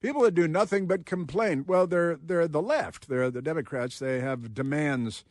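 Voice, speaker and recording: A man's voice: fairly high pitch, normal speed, a little hiss or hum. A man hosting a political talk radio show, emphatic and rambling, laughing often. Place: radio studio. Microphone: studio microphone.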